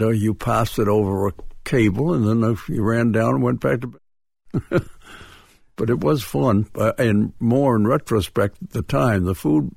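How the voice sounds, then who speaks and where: Older boston guy telling old stories on the radio, real gravelly husky voice, keeps restarting himself, dry studio sound. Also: medium pitch, a little mellow, dry recording. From Dedham, Massachusetts. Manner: halting, with many restarts and chuckles. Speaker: guest. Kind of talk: reminiscing radio interview.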